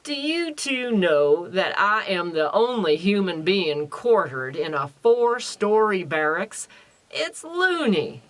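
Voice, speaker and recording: A man's voice: sits high, very animated, takes it slowly, a bit bright, heavily acted. A woman voicing a restless, complaining young male soldier in an audiobook reading. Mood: grumbling. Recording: dull roomy recording.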